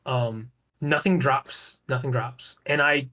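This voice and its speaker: A man's voice: medium pitch, steady tone, takes it slowly, sharp tone. A man talking as a guest on a podcast in a loose, rambling way, swearing casually and restarting his sentences often. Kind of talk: casual chat about an online game.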